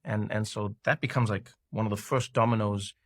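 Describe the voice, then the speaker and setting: A man's voice: on the low side, steady tone, brisk, no room sound, studio quality. A South African man recalling his childhood in an interview, thoughtful and hesitant, with many fillers and restarts. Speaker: interview guest. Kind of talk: reflective interview talk.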